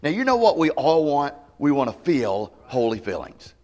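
A man's voice: fairly high pitch, very animated, normal speed, a little mellow. A man pastor preaching a sermon, emphatic, putting rhetorical questions to the congregation. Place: church campmeeting service.

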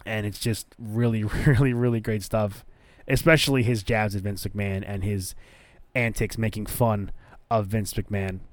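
A man talks wrestling in a relaxed, excited podcast ramble, swearing freely and filling gaps with "uh" and "like." His voice is smooth and clear at a middle pitch. The sound is dry, with no room echo. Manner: enthusiastic, loose and profane, with frequent fillers. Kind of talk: casual wrestling commentary chat.

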